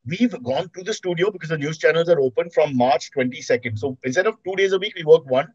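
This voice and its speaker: A middle-aged man with an Indian English accent telling animated comic stories in an interview. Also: on the high side, fast talker, slightly rough, no room sound, dull audio. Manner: animated storyteller, acts out quotes. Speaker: comedian and TV host, guest. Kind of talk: anecdotal interview chat.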